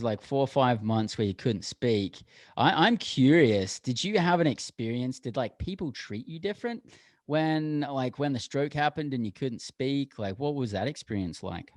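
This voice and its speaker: A man's voice: medium pitch, expressive, normal speed, a little mellow. A man hosts a casual interview with a mid-range voice, encouraging and curious as he asks his questions. His sound is dry and close to the mic, with no room echo. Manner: encouraging, gives frequent short backchannels. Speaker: podcast host.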